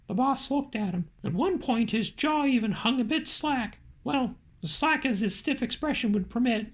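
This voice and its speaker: A woman narrating a novel in a steady, measured reading voice. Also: on the high side. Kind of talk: audiobook narration.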